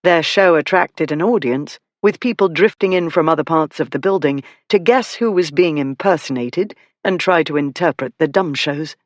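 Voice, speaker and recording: An audiobook narrator reading a historical romance in measured, expressive scripted narration. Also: mid-range voice, no echo.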